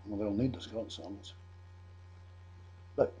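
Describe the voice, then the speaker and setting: A man's voice: on the low side, slow, gravelly, long pauses, a little mellow, breathy edge. An older man from England telling a chatty personal anecdote, amused at himself, with frequent restarts. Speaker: storyteller.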